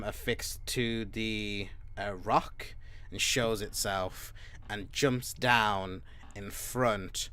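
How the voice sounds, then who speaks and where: A young man running a tabletop game as game master, narrating slowly with many ums and pauses. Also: lowish voice, sharp tone, smooth. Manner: slow, halting narration full of ums and uhs.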